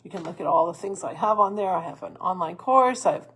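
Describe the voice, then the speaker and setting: A woman host giving earnest coaching advice in a solo talk, with restarts and soft laughs. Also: fairly low pitch, animated, fast talker, husky. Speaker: stress coach and podcast host.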